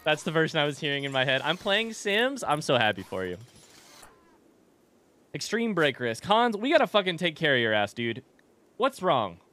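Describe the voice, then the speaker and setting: A man's voice: a little high, big pitch swings, a little fast, pauses often, fairly bright tone. A man chatting casually and joking as he streams a game from a room at home, swearing freely and talking to his chat. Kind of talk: casual live-stream commentary.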